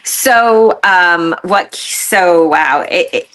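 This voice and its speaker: A woman's voice: on the low side, drawn-out words, a bit bright. A woman in her fifties, a guest on a podcast, talking in a reflective way and laughing easily. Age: 50s. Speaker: podcast guest, artist and educator. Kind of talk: casual interview chat.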